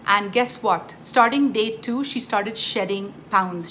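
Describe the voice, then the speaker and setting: A woman's voice: a little high, a bit bright, slight background noise. A woman giving a casual spiritual teaching, telling stories emphatically and addressing her viewers directly. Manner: emphatic, storytelling, addresses viewers as "you guys".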